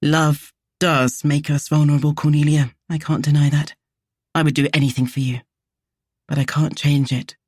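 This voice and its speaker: A woman putting on a devoted, soft-spoken duke for a romance audiobook. He talks low and quietly, with a husky edge to his voice. The recording is dry and close. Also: flat delivery, normal speed, dry recording. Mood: tender. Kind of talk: audiobook character voice.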